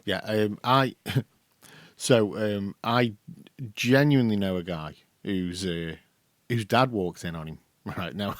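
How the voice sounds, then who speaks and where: A young man co-hosting a casual podcast tells an anecdote full of laughter, animated and acting out voices. His voice is on the low side and unhurried, in a dry recording.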